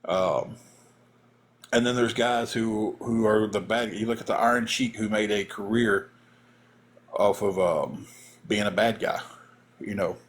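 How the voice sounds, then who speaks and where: Animated former wrestler telling stories. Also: male voice, fairly low pitch, unhurried, pauses often. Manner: animated storyteller acting out voices. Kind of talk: casual live-stream storytelling.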